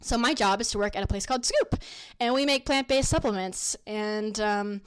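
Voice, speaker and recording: A woman hosting her own podcast, chatting casually with lots of fillers and restarts as she pitches products in an upbeat way. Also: moderate pace, clear, resonant tone. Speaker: podcast host. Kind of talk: casual solo podcast talk.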